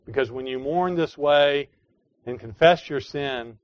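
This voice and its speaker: A man preaching a sermon as pastor, earnest, moving between quiet pleading and emphatic declarations. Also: medium pitch, measured pace, no echo. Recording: dry, dull lo-fi sound.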